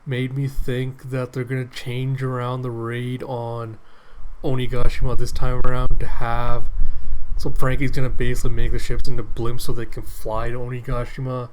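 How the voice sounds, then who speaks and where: A man talking through a manga chapter in a loose, rambling way, full of "like" and "you know". His pitch sits in the middle range. Faint noise hums behind him. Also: monotone, normal speed, rough recording. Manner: rambling, filler-heavy. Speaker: manga reviewer. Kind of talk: casual chapter recap.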